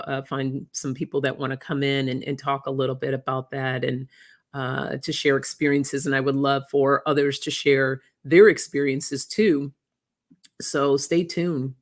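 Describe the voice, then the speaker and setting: An oracle card reader hosting a casual livestream, chatting warmly with viewers, reading out their comments and getting emotional. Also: medium pitch. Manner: effusive, reads viewer comments aloud, gets emotional.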